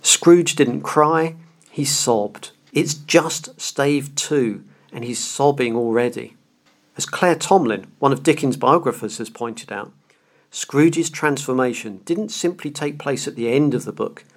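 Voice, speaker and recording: A man's voice: medium pitch, unhurried. A man hosting a podcast, lecturing about a classic novel in an earnest, emphatic way. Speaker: podcast host.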